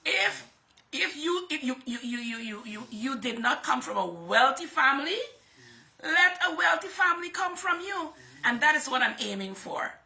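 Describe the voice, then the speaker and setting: A woman's voice: high voice, sing-song, normal speed, creaky, bright, forceful tone. A woman hosting a livestream, giving an emphatic motivational talk and repeating phrases for stress. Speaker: host and motivational speaker.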